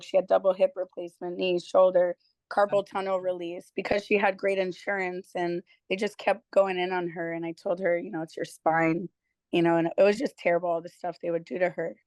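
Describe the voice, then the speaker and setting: A woman guest in a casual interview, a physical therapist who tells stories in a candid, animated way and swears freely. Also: fairly low pitch, fairly quick, dry recording.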